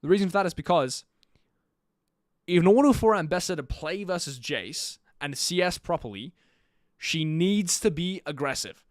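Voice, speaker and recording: A young man live-streaming his own commentary on an esports match, chatty with jokey asides and bursts of energetic play-by-play. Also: a little high, moderate pace, dry recording, studio quality.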